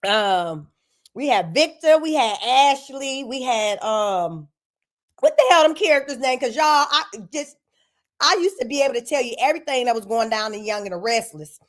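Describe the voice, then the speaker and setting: A woman hosting a casual livestream. She talks directly to her viewers in an animated, chatty way. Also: fairly high pitch, normal speed. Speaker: commentary vlogger.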